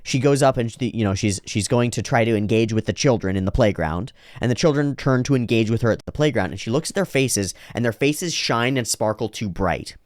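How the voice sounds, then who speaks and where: This anime reaction host speaks at a medium pitch with lively intonation, captured in a dry, studio-quality recording. His commentary wanders reflectively as he thinks aloud and keeps starting over, and quoted lines come out in slow, overdone voices.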